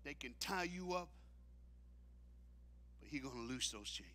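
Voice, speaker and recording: A man preaching a sermon in a church, dramatic and leading the crowd in call-and-response, swinging from shouts to hushed lines. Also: mid-range voice, expressive, unhurried. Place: church auditorium.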